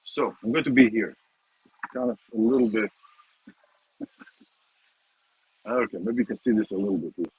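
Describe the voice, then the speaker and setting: A man giving a casual Torah talk to viewers from a casino, halting, repeating words, with many fillers. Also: lowish voice, a little mellow, breathy edge, no room sound, low-quality recording. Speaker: host. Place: in a casino in Vegas.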